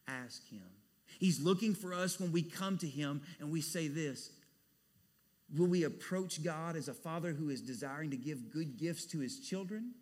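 A man preaching a sermon as pastor, animated, dropping to a hush and rising to loud bursts. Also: fairly high pitch. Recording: long hall reverb.

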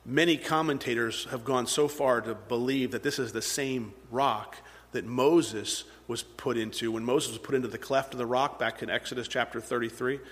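A man's voice: medium pitch, steady tone, normal speed, a bit bright. A man preaching a sermon to a congregation, retelling scripture in a conversational, earnest storytelling way. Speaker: pastor. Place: church hall with congregation. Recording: long hall reverb.

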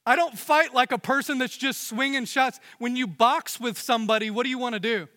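A young man preaching with a high, bright voice that rings through a reverberant church hall. He preaches earnestly, climbing for emphasis, then sinking to hushed, intimate lines. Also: a little fast. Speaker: pastor. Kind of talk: sermon.

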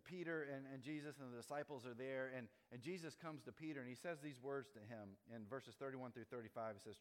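Brief: mid-pitched male pastor, sermon style, stresses words slowly, long reverb. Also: clear, resonant tone. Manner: conversational preaching, slowing to stress key words.

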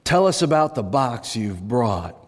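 A man's voice: medium pitch, very animated, a little slow, big-room sound. Male preacher as a cheery, coaxing young emcee. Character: young male show host, cheery and smooth.

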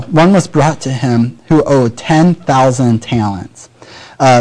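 A man's voice: mid-range voice, darkish tone, low-quality recording. A man from Michigan with a Midwestern American accent, preaching a sermon in a conversational way and acting out little everyday dialogues. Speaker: pastor.

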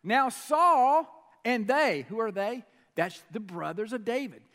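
Male preacher, high voice, animated storytelling, echoey hall. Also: measured pace. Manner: animated storytelling, asks the audience questions, swings pace and volume. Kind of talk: sermon.

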